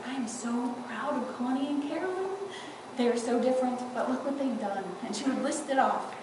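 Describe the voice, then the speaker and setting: A woman's voice: on the high side, noisy background. A woman giving a eulogy for her grandmother in a church, telling funny, fond stories and laughing often. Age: adult granddaughter. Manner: tearful-humorous storytelling, laughing often. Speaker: eulogy speaker. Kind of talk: personal eulogy at a funeral. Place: church, large room. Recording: echoey church from far off.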